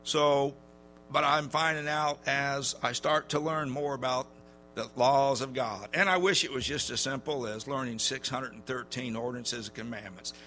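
A man preaching a sermon in a church, telling stories in a folksy way with many halting fillers. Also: medium pitch, steady tone, pushed and bright, faint music behind.

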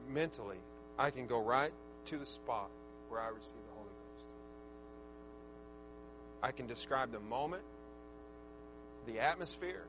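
A male preacher delivering a fervent sermon, swinging from shouted praise to soft, reflective talk. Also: medium pitch. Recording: steady mains hum.

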